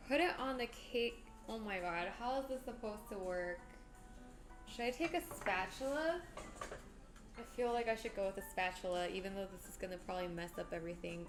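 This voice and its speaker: A woman live-streaming her cooking in a home kitchen. She talks herself nervously through each step and reads viewer chat aloud. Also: mid-range voice.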